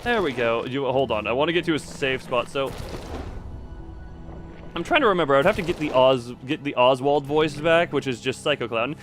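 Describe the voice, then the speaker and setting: Animated and a little fast, the man's mid-range voice has a bit of brightness, with faint music behind. He's streaming a game and casually rambling to chat, regularly stopping himself mid-sentence and talking to both his viewers and himself.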